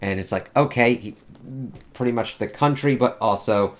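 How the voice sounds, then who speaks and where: A man with a lowish voice talks through a comic book in a loose, unscripted way. He swears freely and keeps reaching for fillers as he goes. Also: moderate pace. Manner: rambling, profane, many fillers. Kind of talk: casual spoken review.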